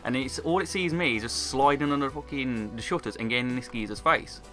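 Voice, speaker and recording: A young British man telling a story in a casual, sweary, animated way. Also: mid-range voice. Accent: British English. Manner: brisk, animated, sweary retelling. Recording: faint background music.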